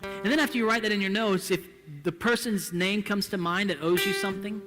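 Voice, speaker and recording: A male pastor preaching a sermon in a church, impassioned and swinging between hushed and loud delivery. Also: high voice, fairly even intonation, a little fast, in a large hall, music in the background.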